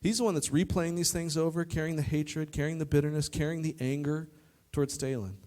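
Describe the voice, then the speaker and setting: A man preaching a youth sermon to a live audience, lively and joking, talking straight to the crowd. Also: fairly high pitch, a little fast. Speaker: youth pastor. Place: church youth service in front of an audience.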